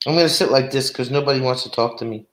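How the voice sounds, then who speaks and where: A man's voice: mid-range voice, quick pace, reverberant. A man from New Jersey hosting a casual live stream, chatting and laughing as he answers viewer comments. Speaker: live stream host reading chat.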